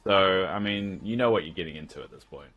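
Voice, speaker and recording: A man's voice: low-pitched, fairly quick, phone-quality sound, soft background music. A man with a New Zealand accent, casually chatting and teasing viewers while streaming a game. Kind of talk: casual live-stream chat while gaming.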